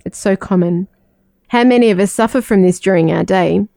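A woman who is a religious sister talks through a gentle spiritual reflection, asking questions and sharing small personal stories. Her voice is mellow and soft-edged. The recording is dry, with no room sound. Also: mid-range voice, a little fast, gravelly, no room sound. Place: living in the United States, not from there.

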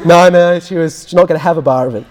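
High-voiced priest teaching. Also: male voice, fast. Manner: storytelling, acts out quotes, drops to a hushed voice when recounting prayers. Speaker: Catholic priest. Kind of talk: teaching talk with anecdotes.

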